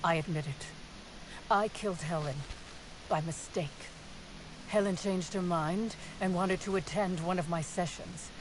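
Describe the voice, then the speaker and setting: A woman's voice: on the low side, measured pace, close to an everyday voice, rough recording. An actress voicing a scheming, theatrical female cult leader in a video game, with a grandiose delivery. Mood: confessing. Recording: game audio with clear background noise.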